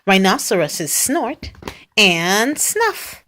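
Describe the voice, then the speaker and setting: A woman's voice: medium pitch, very animated, drawn-out words, pushed and bright. A woman reading picture books aloud to a young child, playfully acting out animal noises and sound effects.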